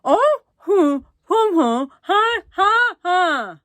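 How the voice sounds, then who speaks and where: A woman's voice: very high-pitched, sing-song, very slow, fairly bright tone, no room sound, voice pushed up, full character voice. Woman doing a furious toothless boy. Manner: mumbled angry gumless noises. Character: furious toothless twelve-year-old boy.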